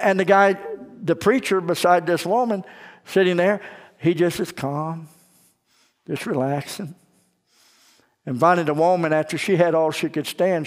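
A man preaching a sermon, telling stories with acted dialogue and pressing urgent appeals. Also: high-pitched. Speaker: pastor. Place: church sanctuary. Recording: long church reverb.

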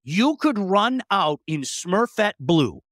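Animated joking middle-aged man host. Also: high voice, slow, no room sound, studio quality. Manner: animated, joking, frequent restarts. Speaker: co-host of sports talk show. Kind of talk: casual sports radio chat.

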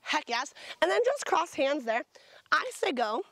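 A woman's voice: high voice, big pitch swings, measured pace, no echo. A woman directing a photo shoot, bubbly and gushing with enthusiastic praise as she calls out poses. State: sucking on a throat lozenge.

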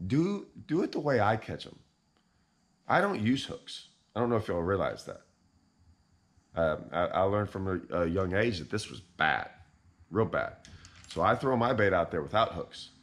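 A man hosting a fishing channel, ranting in deadpan, mock-outraged irony and repeating himself. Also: fairly low pitch. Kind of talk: sarcastic vlog rant.

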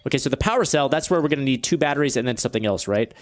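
Lively, exasperated gaming man. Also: rapid-fire. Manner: exasperated ranting, pitch jumps when frustrated. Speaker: let's play host. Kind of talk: gameplay commentary.

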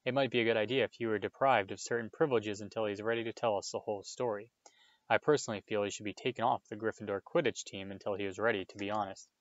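A man reading aloud, voicing a cold, sneering male teacher who presses his suspicions slowly. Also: on the low side, steady tone, dry recording, lo-fi sound, natural voice. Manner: slow, sneering insinuation.

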